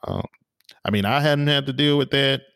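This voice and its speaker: A man co-hosting a podcast, telling stories in a relaxed, casual way with lots of fillers and restarts. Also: mid-range voice, normal speed, clean tone, dry recording, studio quality. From small town in the US. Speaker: podcast co-host. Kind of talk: casual chat.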